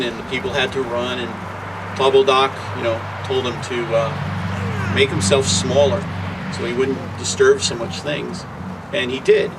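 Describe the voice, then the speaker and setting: A man telling a traditional creation story at an unhurried, conversational pace, with occasional filler words, outdoors. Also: medium pitch. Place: outdoors near traffic. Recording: distant mic with loud traffic noise.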